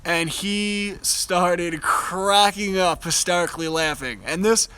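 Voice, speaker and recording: A man's voice: sits high, takes it slowly, pushed and bright, clear, resonant tone, no room sound, low-quality recording. A young man speaking live from outdoors by a fire, earnest and enthusiastic, often restarting his sentences. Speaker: host. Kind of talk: casual live chat.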